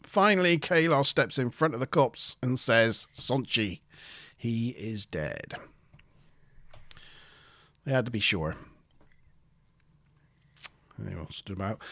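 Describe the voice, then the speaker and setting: A man's voice: fairly high pitch, a bit bright, dry recording, clean studio sound. A man co-hosting a live review show, recapping an episode in casual chat with hesitant fillers. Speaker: podcast co-host.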